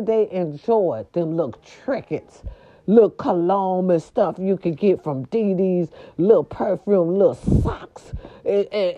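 A woman's voice: mid-range voice, highs cut off. A woman hosting a podcast in casual holiday chat, sassy and playful, who breaks into little growls. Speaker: podcast host.

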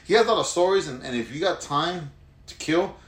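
A man's voice: fairly high pitch, animated, a little fast, fairly bright tone. A man from Houston telling rambling stories in casual, profane chat. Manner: rambling storyteller, profane, laughs a lot. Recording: echoey room with faint ambience.

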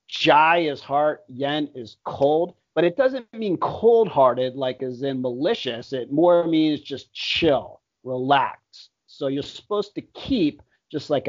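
A young man chatting casually on a podcast, laid-back and swearing a lot. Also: mid-range voice. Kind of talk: casual chat. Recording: dull lo-fi audio.

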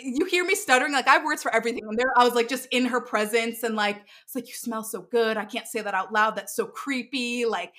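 Young adult woman, interview guest, bright voice, chatty and animated. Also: on the high side. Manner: animated storyteller, many fillers and restarts. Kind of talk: casual interview chat.

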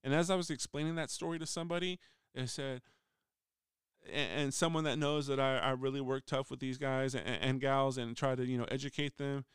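This is a voice message from a middle-aged union steward recounting a workplace tale, fairly quickly and with fairly even intonation. He wanders, keeps restarting, and imitates the people he quotes; his medium-pitched voice is very smooth and clear, the sound dry, close, and echo-free.

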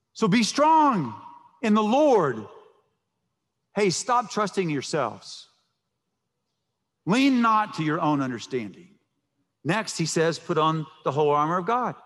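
A man with a high, fairly bright voice preaches a sermon as a pastor in a church sanctuary. He is emphatic and tends to repeat words as he begins a thought. The long reverb of a large hall fills the recording.

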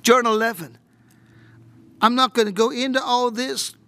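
High-voiced fervent woman preaching. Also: steady tone, normal speed, no echo. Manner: fervent, swings from hushed whispers to raised shouts; repeats and restarts words when stirred. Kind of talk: sermon.

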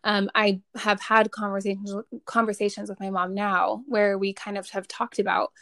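A young adult woman, a podcast guest, talking in a thoughtful, measured way. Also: medium pitch, little pitch movement, a bit bright, dry recording, clean studio sound. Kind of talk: casual conversation.

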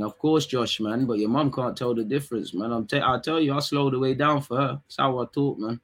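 A young man, chatting casually on a live stream, reading comments and teasing his chat in quick, slangy talk. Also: mid-range voice, steady tone, a bit bright. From England.

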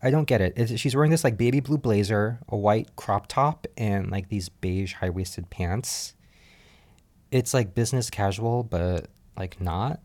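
Casual podcast host, male, lower voice, chatty with lots of fillers and laughs. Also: a little slow. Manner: chatty, animated, laughs often, frequent fillers. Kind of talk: casual recap commentary. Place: home apartment.

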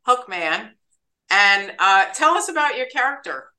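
A woman with a bright, clear-edged voice hosts a podcast. She talks chattily and upbeat, and she stumbles over a name now and then. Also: medium pitch, sing-song, unhurried, poor audio. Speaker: podcast host. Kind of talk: casual interview.

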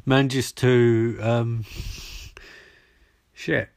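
A man's voice: mid-range voice, flat delivery, drawn-out words, creaky, a little mellow, no room sound, studio quality. A man recapping a TV episode on his podcast in a casual, rambling way, swearing often and losing his place. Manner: rambling, profane, loses track. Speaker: podcast host.

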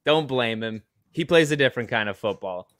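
A man's voice: medium pitch, lively intonation, a little fast, a bit bright. An American man co-hosting a live-streamed chat show, talking casually and often stumbling over his words. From United States. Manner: hesitant, stumbling restarts. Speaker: podcast co-host.

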